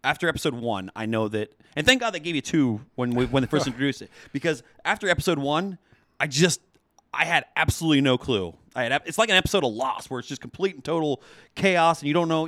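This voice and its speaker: A man's voice: medium pitch, a bit bright, no room sound, clean studio sound. A man co-hosting a movie podcast, chatting casually and rambling as he goes through his thoughts. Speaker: podcast co-host. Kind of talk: casual chat.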